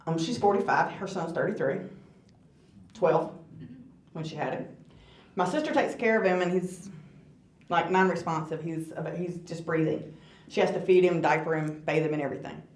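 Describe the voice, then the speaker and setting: A woman's voice: fairly low pitch, moderate pace, pauses often. A woman, speaking as a guest speaker and giving an earnest, conversational personal testimony in a church hall, often asking the audience questions.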